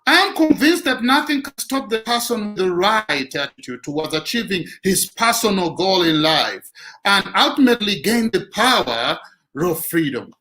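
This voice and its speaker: A man's voice: high voice, very animated, moderate pace, sharp tone, rough recording. A man giving a motivational talk who repeats his key lines for emphasis. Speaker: motivational speaker.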